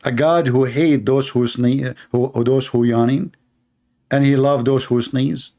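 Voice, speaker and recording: A man's voice: medium pitch, steady tone, unhurried, warm tone. A man giving a sarcastic, mocking religious polemic in non-native English. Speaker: religious debater. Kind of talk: polemical monologue.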